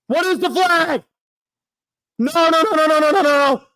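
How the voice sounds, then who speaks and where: A young man hosting a sports show, calling a live game play by play as a fan and reacting loudly, often shouting in disbelief. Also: very high-pitched, moderate pace. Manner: excitable, shouting and anguished at big plays. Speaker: sports podcast host.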